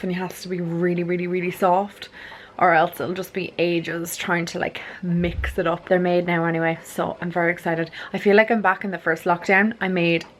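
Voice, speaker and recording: A woman's voice: on the low side, fairly bright tone. A woman vlogger from the UK or Ireland chatting casually in her home kitchen, filming herself, a little out of breath, with lots of "like" and "um" and easy laughs. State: a bit out of breath. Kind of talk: casual vlog chat.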